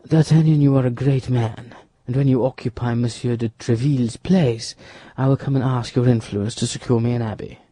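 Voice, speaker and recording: A man's voice: mid-range voice, fairly even intonation, moderate pace, mellow, no echo, close to an everyday voice. A man reading an audiobook, voicing a wry, scholarly musketeer.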